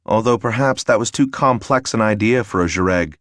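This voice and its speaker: Low-voiced male audiobook narrator. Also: a little fast, fairly bright tone, dry recording, studio quality. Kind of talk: scripted narration.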